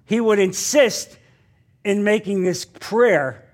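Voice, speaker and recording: A man's voice: high-pitched, slow pace. A man preaching a sermon in an emphatic way, repeating lines and putting questions to his listeners. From New Jersey.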